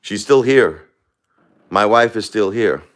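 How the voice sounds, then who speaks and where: Man, 40s, very deep voice, grieving live-stream host, rambling and confessional. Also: lively intonation, slow pace. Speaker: livestream host. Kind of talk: live-stream talk to viewers. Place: his home, alone.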